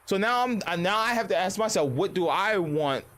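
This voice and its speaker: A man's voice: high-pitched, lively intonation, moderate pace, a bit bright, a little hiss or hum. A man in his thirties chatting casually on a livestream, rambling and swearing, often acting out other people's voices. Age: 30s. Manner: rambling and profane, acting out voices mid-story. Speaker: streamer.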